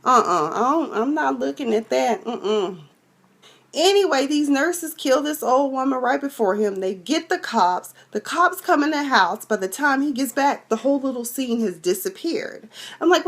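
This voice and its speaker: A woman's voice: high voice, animated, normal speed, a bit bright. A woman with a Texan accent, recapping a TV episode in a sassy, exclamatory way, acting out the characters as she goes. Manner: sassy, exclamatory, acts out scenes with many voices. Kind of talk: animated casual recap.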